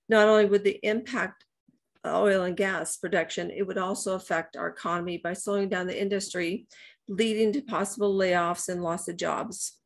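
Older woman, gravelly voice, reads a prepared public comment on a video call with some stumbles. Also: medium pitch. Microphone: video call mic.

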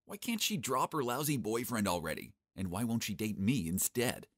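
A young man narrating a first-person animated story in a cocky, sarcastic, expressive way. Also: lowish voice, moderate pace, no room sound.

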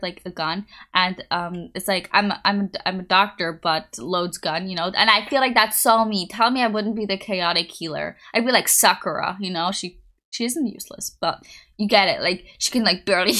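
A bubbly young woman streamer chats with her viewers from home, rambling and giggling as she reads their messages. Her voice sits at an ordinary middle pitch and comes through a desktop mic. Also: moderate pace, fairly bright tone. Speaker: livestreamer. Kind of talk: casual chat with live chat. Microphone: desktop USB mic.

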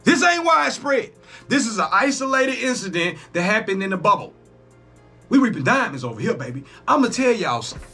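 A man hosting a reaction video, talking casually, excitable and profane, exclaiming often. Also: high-pitched, a little fast, breathy edge, faint music behind.

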